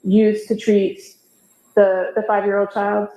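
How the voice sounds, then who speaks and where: A woman's voice: medium pitch, flat delivery, warm tone. Woman questioning a witness in an echoey courtroom. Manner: methodical, measured questions with frequent ums. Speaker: prosecutor.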